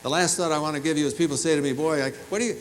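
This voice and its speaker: Lively, joking man giving a commencement speech. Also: a little high, rapid-fire, a little hiss or hum, low-quality recording. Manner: animated, humorous storytelling with audience asides. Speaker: commencement speaker. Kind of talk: commencement address. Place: large university fieldhouse.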